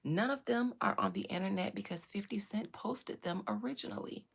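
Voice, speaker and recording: A woman's voice: medium pitch, normal speed, vocal fry, slightly rough. A woman hosting a livestream, giving chatty commentary and often dropping into whispered asides. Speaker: livestream host. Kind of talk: casual commentary.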